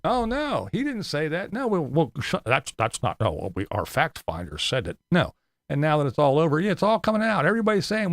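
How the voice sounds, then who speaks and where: A man's voice: high voice, huge pitch swings, moderate pace, dry recording, studio quality. A man ranting profanely on a casual live stream, sarcastic and mocking. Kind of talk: casual livestream rant.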